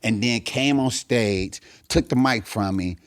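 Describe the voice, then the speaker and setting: A man guesting on a podcast as a comedian, telling stories in an animated, profane way and acting out the people in them. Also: medium pitch, measured pace, dry recording, studio quality. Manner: animated, profane, acts out the characters in his stories. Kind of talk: storytelling in a podcast chat.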